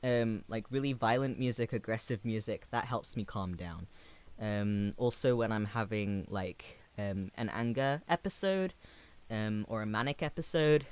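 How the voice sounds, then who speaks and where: A man in his twenties, a livestreamer reading chat aloud in a gentle, affectionate way with hesitant pauses. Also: mid-range voice, smooth. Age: 20s.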